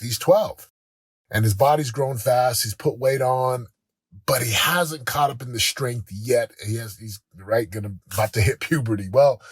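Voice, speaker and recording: A man in his forties with a husky voice, giving an earnest motivational talk that swells into loud coaching. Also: lowish voice, dry recording. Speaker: podcast host.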